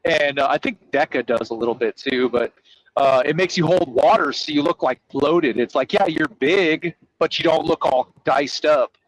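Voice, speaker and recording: A man hosting a casual podcast chat, talking in an animated, rambling, profane way. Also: a little high, moderate pace, rough recording. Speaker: host.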